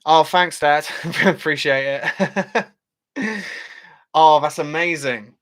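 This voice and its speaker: A man's voice: a little high, slow pace, pauses often, a bit bright. A British man hosting a casual livestream, chatting as he reads out viewer comments, with frequent fillers and laughs. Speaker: channel host.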